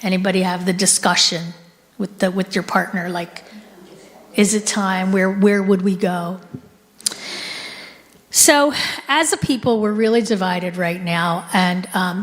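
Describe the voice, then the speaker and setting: Middle-aged woman, guest speaker, talking to an audience in a hall with a long echo. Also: mid-range voice. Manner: conversational, engages the audience with questions. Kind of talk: talk to a live audience. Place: synagogue hall. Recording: long hall reverb from a live room.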